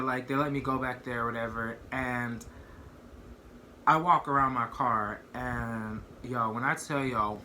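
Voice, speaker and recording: Young male vlogger, bright forward tone, chatty rambling storyteller with constant fillers. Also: medium pitch, measured pace, slight background noise. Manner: rambling, heavy use of "like" and "you know what I mean". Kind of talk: casual storytime.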